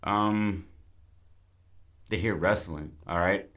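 A man in casual chat, loosely pitching a story with lots of fillers and swearing. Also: takes it slowly, a bit bright. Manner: loose, profane, rambling with many fillers. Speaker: podcast co-host pitching a film plot.

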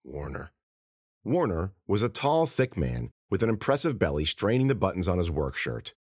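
Male author-narrator, low and animated, dry studio sound. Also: a little fast, dry recording. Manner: expressive, animated reading. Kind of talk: scripted audiobook narration.

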